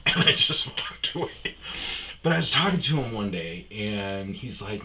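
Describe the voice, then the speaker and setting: Low-voiced male podcast host, loose and rambling storyteller. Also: big pitch swings, measured pace, noisy background. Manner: rambling, many fillers and restarts. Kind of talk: casual storytelling monologue.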